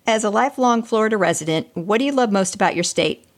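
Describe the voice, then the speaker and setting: A woman hosting a casual interview, relaxed and laughing along with her guest. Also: mid-range voice, a little fast. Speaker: interview host.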